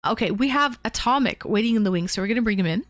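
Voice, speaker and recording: A woman's voice: a little high, lively intonation, quick pace, dry recording. Chatty Canadian woman streamer, dry sound. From Canada, Toronto area. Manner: chatty, thanks viewers by name, many fillers. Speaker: live streamer. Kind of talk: casual live-stream chat.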